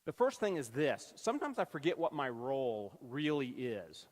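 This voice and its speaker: Animated male preacher in a reverberant church. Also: medium pitch, moderate pace. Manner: animated storyteller acting out quoted voices. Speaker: pastor. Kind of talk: sermon storytelling. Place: church sanctuary. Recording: long church-hall reverb.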